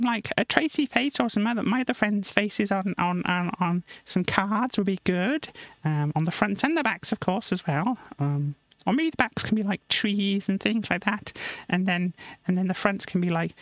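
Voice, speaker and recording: A woman voicing a bubbly, childlike sidekick friend on a live stream, rambling and stammering happily in a high voice. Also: normal speed, no room sound, natural voice. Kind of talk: live stream character bit.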